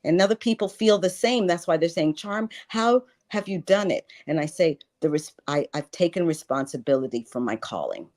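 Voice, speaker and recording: Low-voiced woman in her sixties, earnest. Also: animated, moderate pace, hardly any pauses, darkish tone. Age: 60s. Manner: earnest, emphatic, repeats phrases for stress. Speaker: guest, life and wealth coach. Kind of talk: spiritual interview talk.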